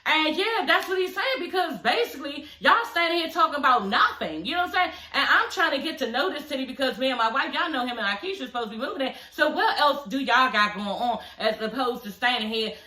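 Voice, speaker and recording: Woman vlogger with a bright, forceful voice and a blunt, foul-mouthed recap style in an echoey room. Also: high-pitched, lively intonation, fast talker, hardly any pauses. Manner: blunt, profane, chatty, frequent laughing asides. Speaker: vlogger recapping a reality show. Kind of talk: casual recap vlog.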